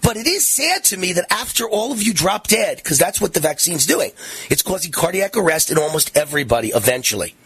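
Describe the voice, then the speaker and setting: A man's voice: high-pitched, sing-song, brisk, fairly bright tone, breathy edge, no echo. A man in his sixties hosting a political talk radio show, combative and mocking, his voice rising into sing-song taunts. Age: 60s.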